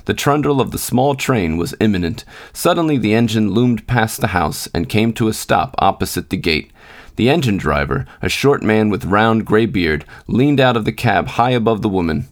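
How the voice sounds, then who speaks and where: A man reading a literary short story aloud as a podcast storyteller, steady and unhurried. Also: lowish voice. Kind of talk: measured literary narration.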